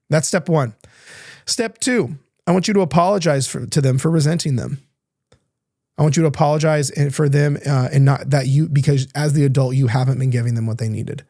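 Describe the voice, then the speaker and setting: A young man hosting a podcast speaks in a candid, earnest coaching tone, dropping the odd swear word. His voice is mellow and relaxed, at an ordinary pitch. The recording is dry and close, with no room sound. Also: creaky, dry recording. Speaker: podcast host. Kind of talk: casual coaching monologue.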